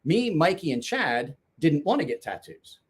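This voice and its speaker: Husky man telling rowdy stories. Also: fairly high pitch, big pitch swings, normal speed. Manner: profane, rambling anecdote with laughs. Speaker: storyteller guest. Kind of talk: casual storytelling chat.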